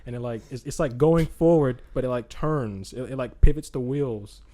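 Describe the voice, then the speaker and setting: A man's voice: mid-range voice, moderate pace, mellow. A young man hosting a podcast, telling a movie idea in a rambling, casual way with lots of fillers and acted-out lines. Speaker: podcast host. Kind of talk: casual chat.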